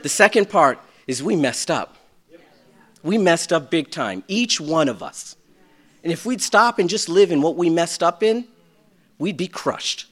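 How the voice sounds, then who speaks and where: A middle-aged male pastor preaching with a high, lively voice that leaps up and drops to a hush. His tone is bright and sharp, and he jokes at his own expense. He moves from loud peaks to near-whispers. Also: unhurried. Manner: animated, swings from loud to hushed; self-deprecating humor. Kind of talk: sermon.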